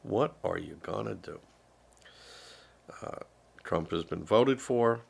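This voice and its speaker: Low, gravelly older man rambling. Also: expressive, takes it slowly, a little mellow. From United States. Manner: rambling, sarcastic, many fillers. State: unwell. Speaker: live stream commentator. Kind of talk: casual political commentary.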